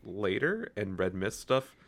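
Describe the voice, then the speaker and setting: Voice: deep voice, big pitch swings, unhurried. A co-host in casual chat, questioning details and teasing. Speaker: podcast co-host.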